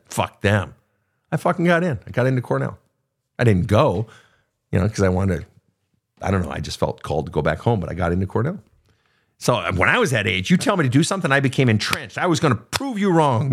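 A middle-aged man hosting a podcast, giving blunt, profane advice to listener questions in a casual monologue. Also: mid-range voice. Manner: blunt, profane, animated storytelling.

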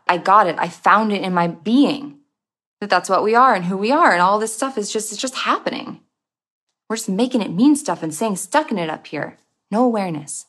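A woman hosting a spiritual self-help podcast, speaking in a frank, unfiltered way with casual swearing. She slips into quick playful voices to act out inner thoughts, then returns to her steady middle-pitched delivery. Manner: candid, profane, acts out inner voices. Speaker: podcast host.

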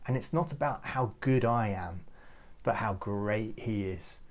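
A man giving an earnest, reflective devotional talk to youth leaders, often halting and repeating words as he goes. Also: on the low side. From United Kingdom. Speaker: youth ministry speaker.

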